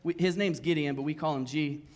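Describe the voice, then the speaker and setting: Animated man preaching with self-mocking humor. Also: on the high side, fairly quick. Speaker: pastor. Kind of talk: sermon. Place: church stage before a congregation.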